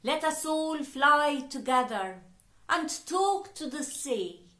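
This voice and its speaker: Woman as a gentle, humble bird god in a storybook, unhurried, in a roomy space. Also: sits high, expressive, heavily acted. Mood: reassuring. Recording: roomy echo.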